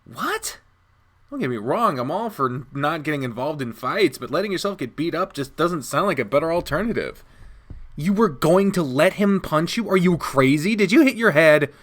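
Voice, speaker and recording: A man voicing a panicky young male protagonist whose voice cracks high and exasperated. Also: lively intonation, moderate pace. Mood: frantic. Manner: shrill, exasperated.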